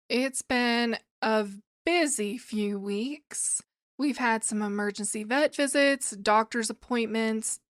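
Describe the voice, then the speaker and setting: Woman, podcast host, chatty, rambling asides, fairly high voice, dry close sound. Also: fairly bright tone, no echo. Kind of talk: casual podcast chat about classic literature. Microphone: new microphones.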